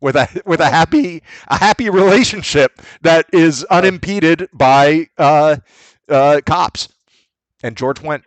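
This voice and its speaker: A man's voice: fairly high pitch, dry recording. A man co-hosting a casual podcast, rambling through a story and acting out bits of dialogue. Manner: rambling storyteller, retells scenes with quick impressions. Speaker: podcast co-host. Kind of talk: casual chat.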